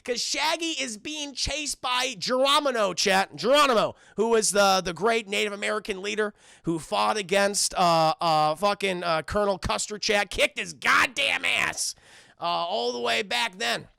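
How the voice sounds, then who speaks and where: Gravelly profane streamer guy. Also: sits high, moderate pace, pushed and bright, no room sound, studio quality. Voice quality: rambling, profane, addresses chat constantly. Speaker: streamer reviewing a cartoon. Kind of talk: casual profane recap to live chat.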